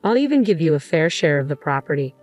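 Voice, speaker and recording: A woman reading a story puts on an arrogant young woman who sneers and snaps. The voice sits low but is pushed up into a sharp, scornful tone. Faint music plays softly behind her. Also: sing-song, fast. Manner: scornful, snapping.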